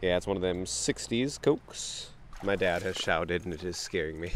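A young man, chatting excitedly to viewers while wading a creek, sniffling from allergies. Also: sits low, normal speed, slight background noise. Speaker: bottle-hunting vlogger. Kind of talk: casual outdoor vlog narration. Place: outdoors in a creek.

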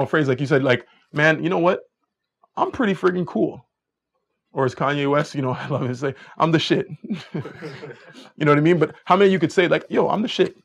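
A young adult man giving a live dating lecture as a coach, energetic and chatty, acting out quoted lines in higher voices.

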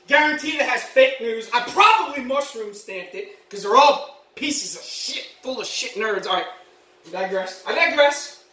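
Give me a woman playing a rambling patriot ex-Marine dad, bright and animated. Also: normal speed. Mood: blustering. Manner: boastful, rambling, shouts then drops low. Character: brash loudmouth male ex-Marine patriot dad. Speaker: comedy vlogger. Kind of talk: comedic character monologue. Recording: roomy echo, mic at a distance.

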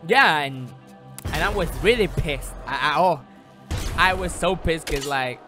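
A man's voice: fairly high pitch, expressive, measured pace. A man chatting on a live stream while gaming, rambling, stuttering and swearing. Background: game music.

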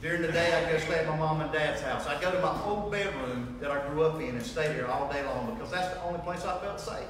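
High-voiced preacher in echoey hall. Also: male voice, quick pace, few pauses, a little hiss or hum. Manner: animated storytelling, acting out dialogue. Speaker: preacher giving testimony. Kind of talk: sermon testimony. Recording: echoey hall, mic far off.

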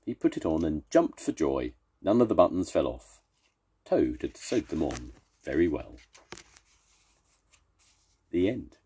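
An older man, a grandfather, reading a children's storybook aloud, slow and expressive. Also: a bass voice, breathy edge. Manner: slow, expressive read-aloud with warm sign-offs.

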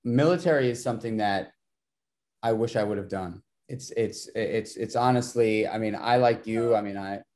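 A man hosting a podcast interview, speaking in a halting way with many stammered restarts as he forms his questions. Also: lowish voice, darkish tone. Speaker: podcast host. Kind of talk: casual interview.

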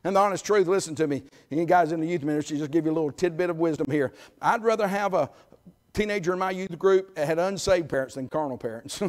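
A middle-aged man preaching a sermon in a church, folksy and emphatic, swinging between loud calls and quiet asides. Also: a little high, fast. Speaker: guest preacher. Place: church sanctuary.

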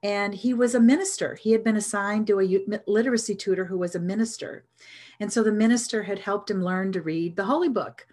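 A middle-aged woman tells a personal story at a mid pitch. She speaks earnestly and reflectively. She often stops and restarts her sentences. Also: a little fast, darkish tone. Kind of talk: storytelling talk.

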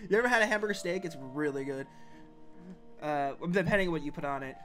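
Young male let's player, jokey and excitable, trips over words. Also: a little high, brisk, over music. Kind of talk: casual gameplay commentary.

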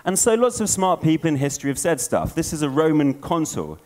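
A man giving a storytelling conference talk, an animated storyteller. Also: on the high side, a little fast. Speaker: conference speaker.

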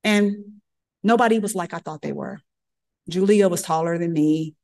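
Woman, storytelling lecture, lively voiced dialogue, slightly low pitch. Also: normal speed. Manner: animated, acts out dialogue in character voices. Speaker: guest speaker at medical grand rounds.

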